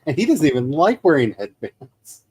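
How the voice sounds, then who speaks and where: A man's voice: fairly high pitch, big pitch swings, normal speed, a little mellow, a little hiss or hum. A man hosting a live gaming stream, chatting casually and upbeat, laughing easily. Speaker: stream host. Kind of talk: casual chat. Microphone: streaming mic.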